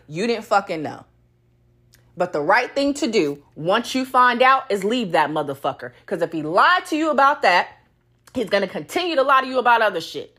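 Bright-voiced woman ranting with profanity. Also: on the high side. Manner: blunt, profane and heated. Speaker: podcast host. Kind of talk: storytime rant.

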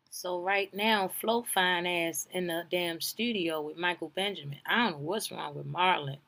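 A woman hosting a podcast, giving a casual comedic recap, animated and profane, swinging from loud exclamations to hushed asides. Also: mid-range voice, moderate pace, hardly any pauses. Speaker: podcast host recapping a reality show.

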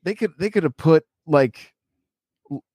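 A man's voice: a little high, expressive, unhurried, a little mellow, slightly rough, no echo. A man co-hosting a casual group chat about games, hesitant and full of restarts, with self-deprecating laughs. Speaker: podcast co-host.

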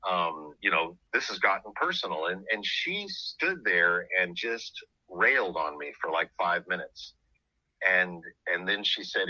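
A man's voice: low-pitched, bright, forceful tone, no room sound, rough recording. A man hosting a podcast, telling a personal story in an earnest, reflective way. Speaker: podcast host.

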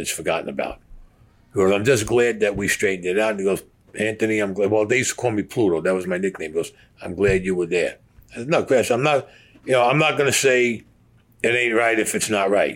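A man's voice: on the low side, fairly bright tone. A man telling blunt, profane stories from his past as an interviewee, acting out the voices of the people he quotes. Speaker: interviewee recounting mob stories. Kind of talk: casual storytelling.

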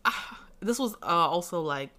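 A woman as a guest in a casual chat, telling stories in a relaxed way and laughing often. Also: fairly low pitch, unhurried.

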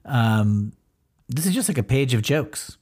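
A man's voice: medium pitch, expressive, a little mellow, slightly rough. Man retelling a comic page by page. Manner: retells panels, reading out lines in quick voices. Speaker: podcast co-host. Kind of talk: casual chat about a comic.

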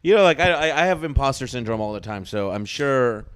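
A man's voice: mid-range voice, animated, fairly quick, slight background noise. A man from Texas with a slight drawl, a comedian chatting casually and rambling with lots of "like" and "you know". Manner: rambling, full of "like" and "you know", self-doubting. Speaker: comedian and podcast co-host. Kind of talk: casual chat.

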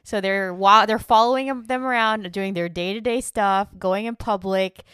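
A woman's voice: medium pitch, steady tone, normal speed, fairly bright tone, clean tone, dry recording, studio quality. A young woman co-hosting a podcast, chatting casually and animatedly, laughing often. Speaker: podcast co-host. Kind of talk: casual chat.

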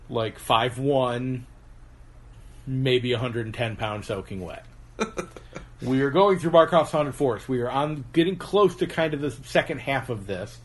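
A man co-hosting a podcast, telling stories in casual chat with lots of fillers and laughs. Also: mid-range voice. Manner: rambling storyteller, laughs often, many fillers. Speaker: podcast co-host.

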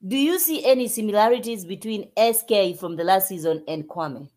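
A married woman co-hosting a casual live recap chat, speaking in a measured way and often restarting her sentences. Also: mid-range voice, lively intonation, darkish tone. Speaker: co-host.

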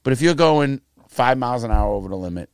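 A man's voice: mid-range voice, fast talker, clean tone, dry recording, studio quality. A middle-aged American man telling his life story in casual chat, blunt and profane, acting out the people in his stories. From United States. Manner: profane, blunt storytelling with lively quoted voices.

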